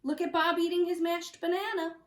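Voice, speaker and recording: A woman's voice: extremely high pitch, level tone, brisk, roomy sound, pitched above the performer's own voice. A woman doing a weary, patient mum. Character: patient, weary young mother.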